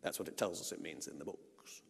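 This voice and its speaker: A middle-aged British man giving a music lecture, explaining and reciting song verses with deliberate emphasis. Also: low-pitched, creaky, slightly rough. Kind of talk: lecture with spoken and sung musical examples. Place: lecture hall. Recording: long hall reverb.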